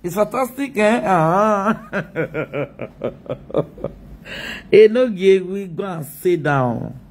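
A woman's voice: medium pitch, slow, a little mellow, slight background noise. A Nigerian woman ranting mockingly on a live video, scolding and laughing often.

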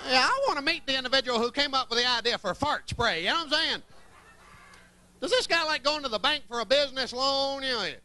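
A man's voice: very high-pitched, expressive, quick pace, pushed and bright. A man with a Southern accent from Georgia doing a folksy, wisecracking stand-up set in a comedy club. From Columbus, Georgia, US.

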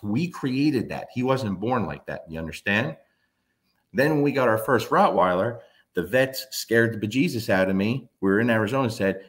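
A man with a lowish voice tells stories about raising and training his dogs. He talks casually and bluntly, with the odd curse, and slips into quick impressions of the dogs and people in his stories. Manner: animated, acts out his dogs and friends in quick asides. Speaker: dog trainer. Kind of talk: casual storytelling talk.

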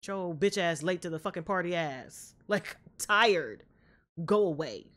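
A young woman hosting a reaction video, talking casually and trash-talking the characters loudly with plenty of swearing, recorded at home on a desk mic. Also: on the low side, unhurried. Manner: loud, profane, animated trash talk at the screen.

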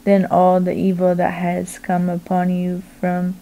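Woman reading a stern male commander, slow, monotone, mellow. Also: lowish voice, highs cut off. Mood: rebuking. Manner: flat, slow, unhurried reading.

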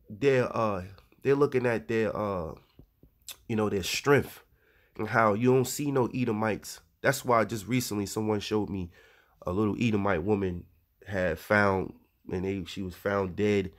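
A man's voice: fairly low pitch, measured pace. A man giving informal scripture teaching in a conversational way, reading verses aloud and adding frequent asides. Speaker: religious teacher.

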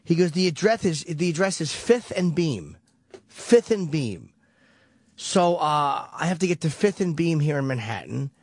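A man's voice: on the high side, expressive, moderate pace, few pauses, slightly rough, no echo. A man on a radio show rambling through a long, profane story in casual talk. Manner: profane, rambling, vivid retelling.

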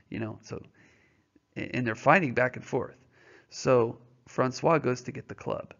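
A man's voice: mid-range voice, fairly even intonation, normal speed, creaky. A male teacher reading a novel aloud and explaining it to students in a patient, informal way, often checking their understanding with questions. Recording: dull lo-fi recording.

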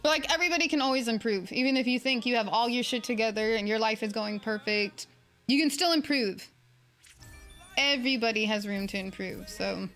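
A woman streaming a game, chatting casually, easily excited, swearing and laughing a lot. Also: a little high, brisk, faint music behind. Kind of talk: casual live-stream gaming chat.

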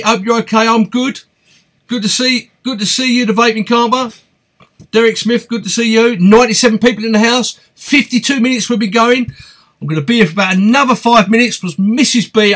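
A man with an East London accent talks in a chatty, upbeat way as he hosts a live question-and-answer stream. His voice sits high for a man. He reads out viewer comments and greets people by name. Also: a bit bright. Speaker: fishing channel host.

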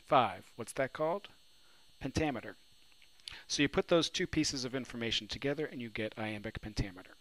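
In a rough recording, a New Orleans literature teacher with a medium-pitched, fairly bright voice moves at a fairly quick pace through a poetry lecture. He keeps asking the students questions and answering them on his own.

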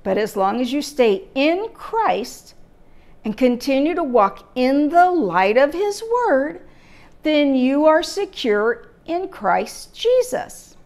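Woman Bible teacher, unhurried emphatic delivery, gravelly edge. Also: sits high, very animated, a little mellow. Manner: slow, emphatic teaching with rhetorical questions. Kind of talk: church Bible lesson.

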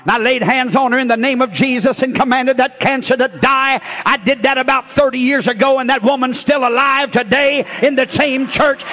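Man, preacher, very high voice, bright and forceful, shouted refrains, faint music behind. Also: fairly even intonation, a little hiss or hum. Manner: preaching with shouted, drawn-out refrains and folksy storytelling. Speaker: pastor. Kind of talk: revival sermon. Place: church before a congregation.

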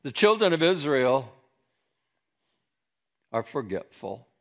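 A male pastor delivers a sermon in a gravelly voice. He preaches slowly and emphatically and swings between hushed and raised passages. He is from central Pennsylvania. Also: medium pitch, big pitch swings.

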